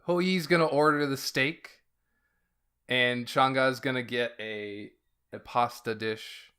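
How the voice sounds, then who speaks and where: A man in casual podcast chat, unhurried and jokey. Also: medium pitch, fairly even intonation, sharp tone, clean tone. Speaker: podcast co-host.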